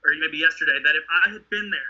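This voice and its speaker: A man co-hosting a podcast in casual chat, profane and animated, mocking what he talks about. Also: on the high side, racing, highs cut off. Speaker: podcast co-host.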